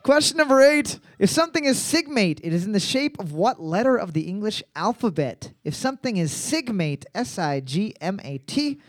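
A man's voice: high voice, very animated, normal speed, few pauses, no room sound, studio quality. A man in his thirties hosting a casual trivia quiz, reading questions twice and swearing freely between laughs. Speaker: quiz host.

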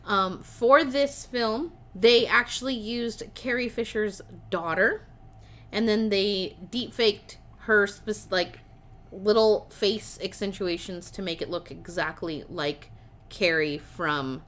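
A woman's voice: mid-range voice, slow pace, a bit bright. A woman co-hosting a casual chat, enthusiastic and rambling with fillers as she talks about a movie.

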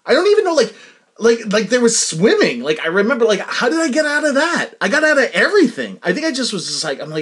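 A man's voice: extremely high pitch, wildly swooping pitch, fast, a bit bright, slightly rough. A middle-aged man, a podcast host, tells a long rambling story about his childhood in a casual, self-deprecating way, laughing often.

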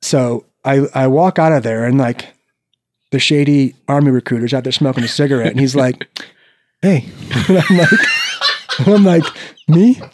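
A man from Iowa in his forties, a guest telling a story in casual chat, animated, swearing freely and acting out the people he quotes. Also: medium pitch, normal speed. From Iowa, United States. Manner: swears freely, peppers speech with "right?".

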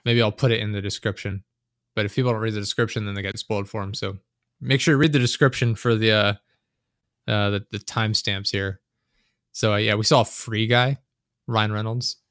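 A man's voice: fairly low pitch, fairly even intonation, a little fast, a bit bright, dry recording, clean studio sound. A young man chatting casually as a podcast host, telling long rambling stories, swearing a lot and laughing often. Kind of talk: casual chat.

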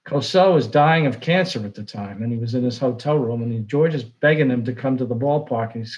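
A man's voice: medium pitch, brisk, hardly any pauses, a little mellow, lo-fi sound. Older man telling stories. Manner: anecdotal, rambling with fillers and restarts. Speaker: sportswriter guest. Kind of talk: casual storytelling.

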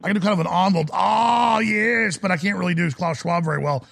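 A man's voice: fairly high pitch, racing, creaky. A male talk radio host ranting through a call-in show, often stumbling and restarting words.

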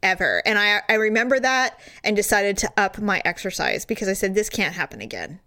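A woman in casual chat, telling an animated story, laughing and swearing freely. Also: medium pitch, brisk.

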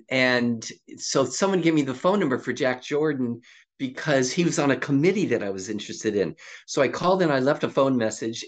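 Guest: older male psychologist, chatty storyteller who acts out the voices in his anecdotes. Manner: animated storyteller who acts out quoted dialogue with rising pitch. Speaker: psychologist and author, podcast guest. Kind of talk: casual storytelling in an interview.

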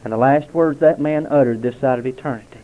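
A man giving a heartfelt spoken testimony to a gathering at a restaurant, telling stories with dramatic pauses. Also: mid-range voice. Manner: earnest, storytelling with dramatic pauses. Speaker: lay speaker giving testimony. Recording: tinny, narrow-band lo-fi recording.

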